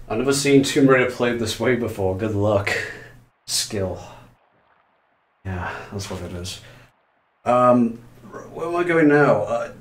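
A man with a low voice, commentating a live game while out of breath from playing on a dance pad, chatty and self-mocking, reading chat aloud. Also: reverberant. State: out of breath, legs tired.

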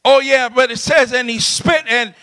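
A middle-aged man preaches in a church with a very high, bright voice. He swings between loud shouts and soft asides, and he laughs along with his congregation. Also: normal speed. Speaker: pastor. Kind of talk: sermon. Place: church sanctuary.

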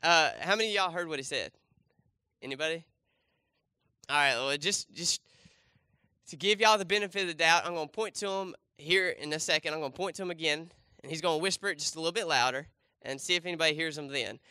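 A man's voice: a little high, fast talker, sharp tone, clear, resonant tone, no echo. A young man preaching a casual sermon, talking to the congregation with lots of fillers and restarts and asking them questions. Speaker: pastor. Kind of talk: casual sermon with a volunteer demonstration. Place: church.

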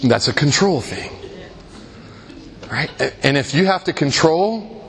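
A man's voice: fairly high pitch, expressive, unhurried, gravelly, a bit bright. A man leading a Christian workshop in a conversational way, often asking his listeners rhetorical questions and making jokes at his own expense. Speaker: workshop leader.

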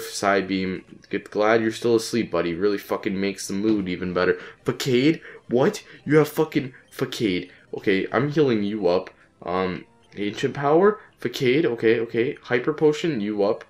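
A man with a sick voice giving casual let's-play commentary, frustrated and swearing, repeating phrases in quick bursts. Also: low voice. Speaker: gaming channel host.

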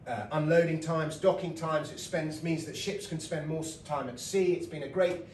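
A middle-aged man from Britain delivers a comic lecture, chatty and full of asides. His voice sits a little high, and it is picked up from a distance. The roomy hall carries a faint background hum. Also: moderate pace, a little mellow. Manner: chatty storytelling with laughs and asides. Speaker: lecturer and comedian. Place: lecture hall with live audience.

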